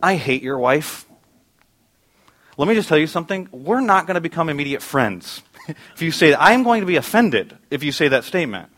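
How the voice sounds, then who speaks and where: A middle-aged pastor preaching a conversational sermon in a church auditorium, asking the congregation questions. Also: male voice, on the high side, very animated, fast, a bit bright.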